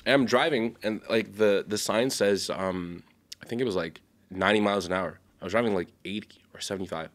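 A man's voice: fairly low pitch, fairly quick. A young man telling a long story in a casual podcast chat, rambling and correcting himself. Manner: rambling, self-correcting, laughs often. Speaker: podcast co-host.

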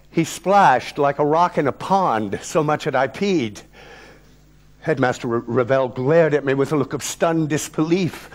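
A man in his sixties performs a story as an actor would on stage, sitting slightly high in pitch for a man. His telling is vivid and wry, with wide dramatic swings in pitch and loudness. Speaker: actor and lecturer.

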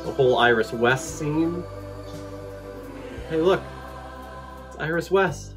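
A man hosting a casual movie reaction, talking in an excitable, gushing, emotional way. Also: on the high side, slow, music in the background. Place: home room with shelf behind.

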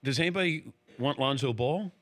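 A man's voice: medium pitch, brisk, a bit bright. A man hosting an interview, chatty and prodding with his questions, laughing easily. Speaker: interview host. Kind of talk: casual interview chat.

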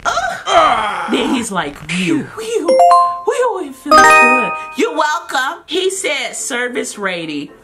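A young woman giving sassy comic commentary over a pimple-popping game, squealing loudly in disgust. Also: on the high side. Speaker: gaming vlogger.

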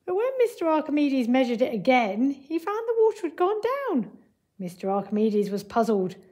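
A woman teacher, explaining maths and reading a picture book aloud to young children in a clear, patient way. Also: sits high, very animated, moderate pace, warm tone. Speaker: primary school teacher.

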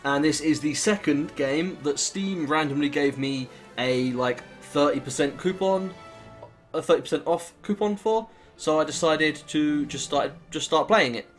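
A man's voice: a little high, measured pace, faint music behind. A British man rambling casually through let's play commentary, with lots of fillers and the odd swear. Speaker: gaming channel host.

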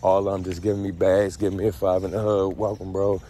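Low-voiced man telling stories. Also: fast, slight background noise. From Baltimore. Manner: profane, slangy and animated. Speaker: vlogger. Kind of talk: casual storytelling.

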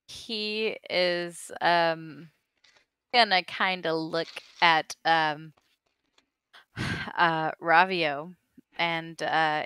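Woman game master narrating a tabletop session, slow and measured, bright crisp voice. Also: deep voice, dry recording. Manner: unhurried, many ums and small laughs.

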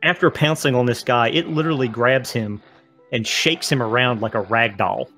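A man narrating a tabletop game as game master, with dramatic descriptions and filler pauses. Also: medium pitch, bright, forceful tone, faint music behind.

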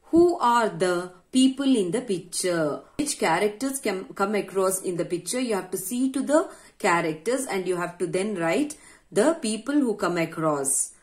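A woman teacher with an Indian English accent, patiently walking young children through a grammar worksheet and asking herself questions as she explains. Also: medium pitch.

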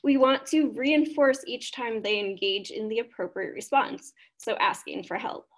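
A woman's voice: fairly high pitch, moderate pace. A woman presenting a webinar on behaviour therapy, explaining steps and quizzing her audience. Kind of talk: webinar lecture.

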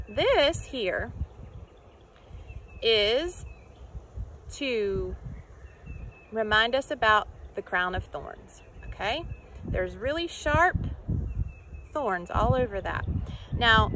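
Lively, bright-voiced woman telling children a story. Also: on the high side, a little hiss or hum. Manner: animated storyteller, acting out voices, asking children questions. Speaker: children's church teacher.

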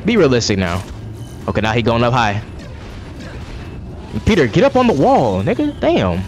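A man's voice: mid-range voice, huge pitch swings, moderate pace, faint music behind. A man giving profane, exasperated running commentary while playing a video game. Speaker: gaming streamer. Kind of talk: live gameplay commentary.

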